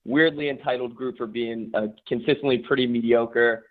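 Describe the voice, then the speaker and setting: Brief: male caller pitching a bet, matter-of-fact, tinny phone line. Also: fairly even intonation, moderate pace.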